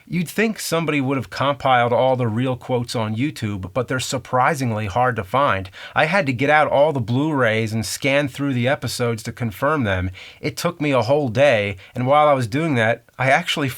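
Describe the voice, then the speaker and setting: A man's voice: medium pitch, a bit bright. A man in his thirties talks through movie trivia in a scripted commentary. His voice sits in an ordinary middle register, and he explains things in a conversational, dryly amused way. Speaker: host.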